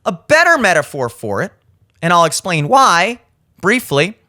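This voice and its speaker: A man's voice: high-pitched, very animated, measured pace, pushed and bright. A man in his thirties hosting a podcast, giving blunt, profane opinion commentary and acting out the people he quotes. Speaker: podcast host. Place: studio.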